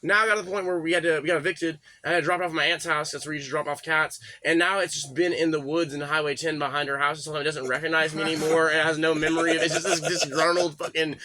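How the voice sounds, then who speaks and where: A man's voice: fairly high pitch, little pitch movement, fast talker, hardly any pauses, sharp tone. A man co-hosting a podcast, telling a crude, rambling anecdote in casual chat. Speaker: podcast co-host.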